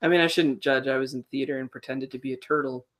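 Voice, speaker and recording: A woman's voice: very deep voice, fairly even intonation, fast talker. A middle-aged woman co-hosting a casual podcast livestream, easygoing as she runs the announcements. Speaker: podcast co-host. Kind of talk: casual chat.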